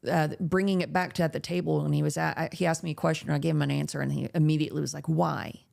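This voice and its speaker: Talking fast in a deep, creaky voice, this podcast host recounts a story during a late-night chat. She's animated and casual, performing the voices of whoever she quotes.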